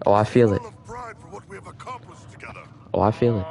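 A man streaming a video game, reacting in excitable, joking, rambling casual commentary. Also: fairly low pitch, a little slow, vocal fry. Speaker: gaming streamer.

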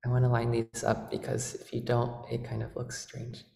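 A man presenting an organ workshop, explaining in a halting way with many fillers. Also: medium pitch, monotone, creaky, warm tone. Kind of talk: lecture demonstration. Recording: roomy, with organ music.

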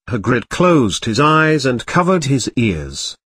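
A man's voice: mid-range voice, very animated, takes it slowly, few pauses, a bit bright, breathy edge, no room sound. A man narrating a parody story in a wry reading voice.

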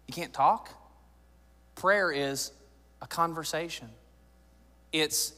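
A man's voice: fairly high pitch, takes it slowly, pauses often, sharp tone, big-room sound. A man in his thirties preaching a sermon in a church, joking and conversational, building to emphatic points. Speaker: pastor. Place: church sanctuary.

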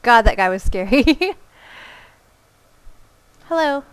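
A woman's voice: a little high, expressive, slow, clean tone. A woman giving let's play commentary as she plays, reacting aloud, exclaiming and muttering to herself. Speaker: gamer.

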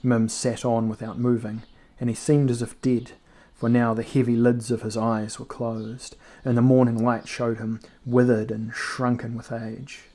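A man reading a fantasy novel aloud in a measured, even narration. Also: medium pitch. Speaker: reader. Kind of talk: audiobook narration.

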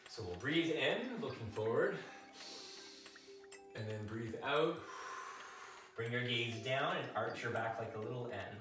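In a mid-range voice, he speaks expressively and a little slowly, leaving long pauses, heard through a distant mic. He's a kids' fitness instructor from a French-speaking background, cheerfully coaching children through an at-home workout by counting reps and leading stretches. The room echoes, the mic is placed back, and quiet music plays.

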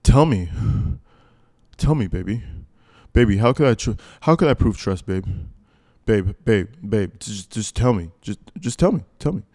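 A man mocking a loud, needy smooth-talker. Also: lowish voice, expressive, normal speed, dry recording, studio quality, voice pushed down, close to an everyday voice. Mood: insistent. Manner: loud, insistent, repeating himself. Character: loud needy man begging his sweetheart.

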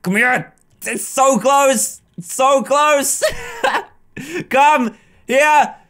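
A young English man in his twenties giving excitable, playful gameplay commentary, chatting and often breaking into yelling. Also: extremely high pitch, extremely slow. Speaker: gaming YouTuber.

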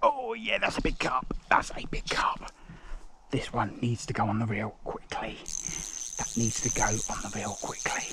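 A man commenting on his own fishing as he fights a fish, excited and muttering, straining with an aching arm. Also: medium pitch, normal speed, creaky, background noise. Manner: excited, breathless exclamations, muttered asides. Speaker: fishing vlogger. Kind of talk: live commentary while fishing. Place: outdoors by a lake.

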